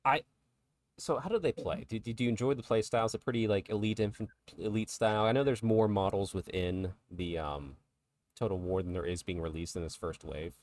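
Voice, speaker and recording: A man's voice: fairly low pitch, a little fast, darkish tone, no room sound. A man co-hosting a podcast, talking casually and chattily about tabletop miniatures and laughing along with his co-host. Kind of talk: casual chat.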